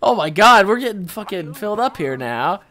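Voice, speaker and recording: A man chatting loudly and casually while playing an online game, often laughing and swearing. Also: high-pitched, brisk. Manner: loud, laughing, swearing, excitable. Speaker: gaming YouTuber. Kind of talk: casual gameplay chat.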